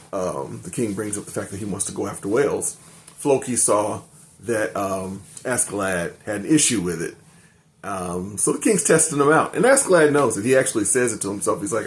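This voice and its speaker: An older man casually reviewing an anime episode, rambling and correcting himself as he recaps the plot. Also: fairly low pitch. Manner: rambling, self-correcting recap with many ums.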